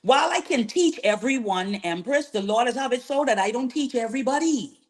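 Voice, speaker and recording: Animated Bahamian woman on talk radio. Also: a little high, a little fast. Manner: animated, preachy, repeats phrases, keeps addressing the host. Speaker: guest, nail technician. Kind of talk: radio talk show chat.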